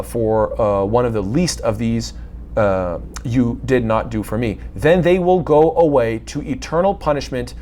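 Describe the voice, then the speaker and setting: A man's voice: medium pitch, a little mellow, a little hiss or hum. A man giving a lecture, reading scripture passages aloud and commenting on them with rhetorical questions. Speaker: Islamic lecturer.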